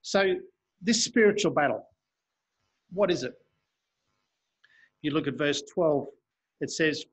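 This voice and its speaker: A man's voice: on the high side, normal speed, pauses often, slightly rough. A man preaching a sermon in a church, reading scripture aloud and explaining it earnestly.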